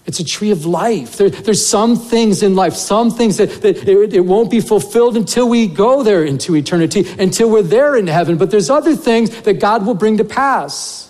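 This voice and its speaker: A male pastor with a high-pitched voice delivers a conversational sermon. His talk is earnest and loose, full of fillers and restarts. The sound carries a long reverb, as in a large hall. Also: a little mellow. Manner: earnest, conversational preaching with many fillers and repeated words.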